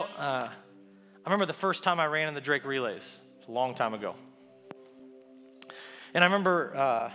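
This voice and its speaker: A man preaching a sermon, telling a story and building to a loud, repeated call with rising refrains. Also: fairly high pitch.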